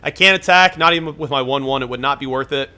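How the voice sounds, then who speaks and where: A man commentating his own card game match as he plays, thinking aloud, getting excited and swearing when frustrated. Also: mid-range voice, fast, clear, resonant tone. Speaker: gameplay commentator. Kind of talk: live gameplay commentary.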